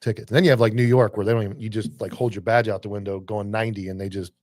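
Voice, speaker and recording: Fast-talking low-voiced man, dry close sound. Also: level tone, darkish tone, dry recording. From northern US. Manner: profane storytelling, acts out quoted people. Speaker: podcast co-host, former cop. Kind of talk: casual podcast chat.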